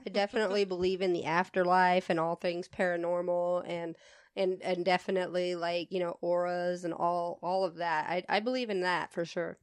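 A woman's voice: on the low side, flat delivery, normal speed, smooth, dry recording. A woman co-hosting a podcast, chatting casually and animatedly, swearing freely and going off on tangents. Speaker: podcast co-host. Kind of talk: casual chat.

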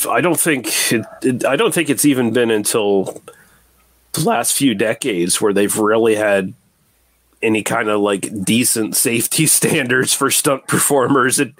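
A man's voice: mid-range voice, normal speed, dry recording. A man casually chatting about movies on a podcast, rambling and restarting his sentences, with the odd swear word.

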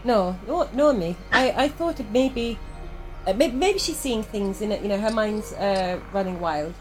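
A woman's voice: medium pitch, normal speed, a little mellow, soft background music, pitched below the performer's own voice, lightly acted, poor audio. A woman voicing a caring mentor adventurer with a Liverpool accent, rambling and hesitant in a tabletop role-play. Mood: concerned.

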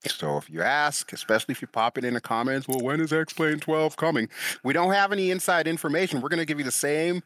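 A man's voice: fairly high pitch, fast talker, few pauses, no echo. A man co-hosting a flight simulation podcast, chatting casually and telling stories in an enthusiastic, joking way. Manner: enthusiastic, jokey, animated storytelling. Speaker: podcast co-host. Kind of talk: casual chat.

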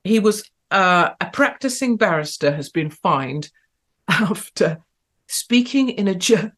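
A woman's voice: animated, slow pace. A woman hosting an online show, giving provocative, sarcastic commentary and talking to her live chat. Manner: provocative, sarcastic, big swings in pitch and loudness.

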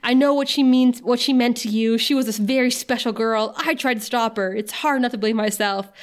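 A woman's voice: a little high, fairly quick, close to an everyday voice. A woman voicing a scheming female professor who fakes grief with overdone sorrow. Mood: mock sympathy.

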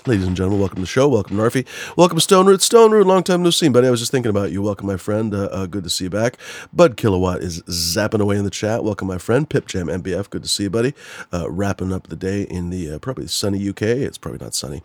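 A man's voice: on the low side, lively intonation, fast talker, no echo. A man hosting a live-streamed talk show, rambling through disclaimers with swearing and a fired-up manner. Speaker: host.

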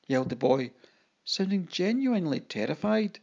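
An audiobook narrator giving a dramatic, expressive first-person reading and voicing the quoted lines. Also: mid-range voice, unhurried, lo-fi sound.

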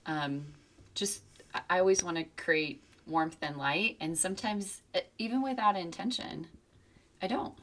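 Low-voiced woman telling a lively story. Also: moderate pace. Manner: animated storyteller, reflective, acts out quoted voices. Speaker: podcast co-host. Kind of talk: casual chat.

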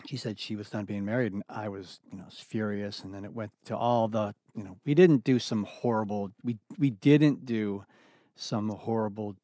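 Middle-aged man, low-voiced guest sharing candidly, halting and earnest, dry close sound. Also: steady tone, mellow, no echo. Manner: earnest, reflective, halting with many restarts. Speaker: interview guest. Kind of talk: candid personal conversation.

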